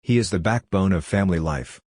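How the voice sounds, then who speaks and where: A polite, soothing male Pooka spirit from a storybook, mild and courteous, as a man reads him. His voice is low, and the sound is dry and close. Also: a little fast, a little mellow, dry recording.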